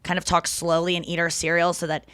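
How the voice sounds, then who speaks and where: A woman's voice: on the low side, level tone, quick pace, a bit bright, clear, resonant tone, dry recording. A woman hosting a podcast, telling crude, playful stories in casual chat. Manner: candid, crude, playful storytelling. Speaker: podcast host.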